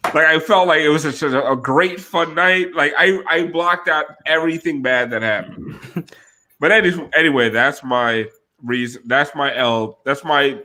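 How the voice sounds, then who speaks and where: Bright-voiced man telling a wild story. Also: on the high side, a little slow. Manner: profane, animated, laughs often. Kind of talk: casual storytelling chat.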